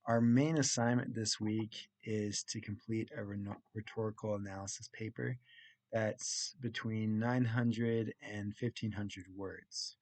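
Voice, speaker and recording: A man's voice: lowish voice, fairly even intonation, darkish tone, no room sound. A young adult man, a college student, casually recapping his class week and retelling a story step by step. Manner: plainly retelling a story step by step, with pauses and restarts.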